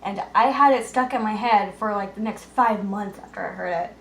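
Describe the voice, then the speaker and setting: A woman vlogger answering viewer questions in a casual, rambling way, with lots of "uh" fillers and stretches where she drops to a soft murmur. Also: medium pitch, moderate pace. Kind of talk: casual Q&A vlog. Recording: roomy echo with faint background noise.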